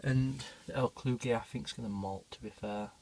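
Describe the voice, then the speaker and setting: A man's voice: mid-range voice, normal speed, gravelly, a little mellow. A man casually narrating a tarantula feeding vlog, rambling with lots of ums and dropping his voice near the animals. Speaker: tarantula keeper filming feedings.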